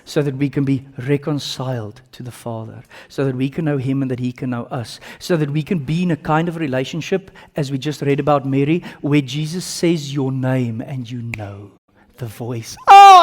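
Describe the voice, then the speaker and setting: A man with an Afrikaans accent, a native Afrikaans speaker from South Africa, preaching a sermon with dramatic swings from loud bursts to hushed lines. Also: mid-range voice, lively intonation, moderate pace. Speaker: pastor. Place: church service.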